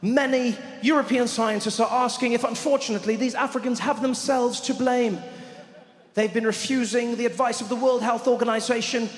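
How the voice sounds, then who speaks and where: A comedian voicing a solemn male TV news reporter in the field, with a measured broadcast delivery. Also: extremely high pitch, fairly even intonation, voice pushed up. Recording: echoey hall, faint ambience.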